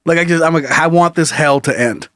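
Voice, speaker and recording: A man's voice: a little high, brisk, fairly bright tone, dry recording, studio quality. A man co-hosting a podcast who reads out a listener's story in casual chat, breaking into laughter as he goes. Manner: laughs often while reading. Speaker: podcast co-host.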